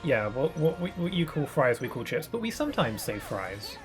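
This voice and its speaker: A British man chatting casually while he streams a game, his voice sitting at an ordinary middle pitch. He rambles and muses aloud, filling gaps with "um"s and soft chuckles. Faint music runs behind him. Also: sing-song, normal speed. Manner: rambling, musing, with frequent fillers and chuckles. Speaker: gaming streamer.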